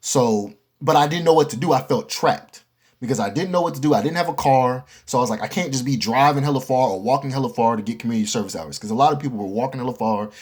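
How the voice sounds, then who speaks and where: A young man casually telling a storytime to the camera, animated and slangy, with profanity and asides to the viewer. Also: medium pitch, fast, husky.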